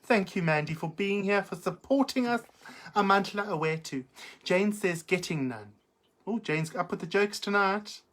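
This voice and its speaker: A woman's voice: medium pitch, animated, normal speed, a bit bright. A middle-aged woman hosting a live chat, reading out viewer comments in a camp, theatrical, giggly manner. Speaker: livestream host.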